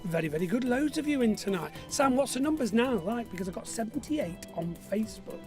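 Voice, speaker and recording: Over music, this Burnley man speaks in a very high-pitched, animated, brisk voice. Hosting a live-streamed pub quiz, he keeps things chatty and jokey while reading viewers' messages aloud.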